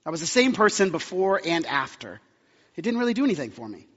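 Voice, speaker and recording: A man's voice: a little high, big pitch swings, fast, a bit bright. A young man preaching a sermon as pastor in a church, casual and conversational with self-deprecating humor and storytelling. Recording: muffled audio with long hall reverb.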